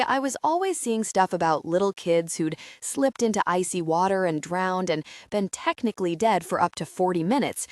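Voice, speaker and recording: A woman's voice: mid-range voice, no room sound, clean studio sound. A woman narrating an audiobook in first person, with a wry, sardonic storytelling manner.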